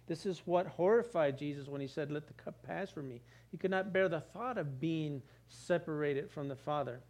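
A man preaching a sermon as pastor, driving points home with repeated phrases. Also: a little high. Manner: preaching with rising emphasis and repetition.

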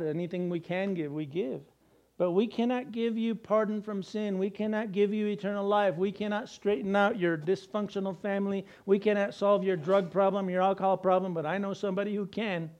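A male pastor delivering a sermon, animated and conversational, with asides to the congregation. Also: high voice.

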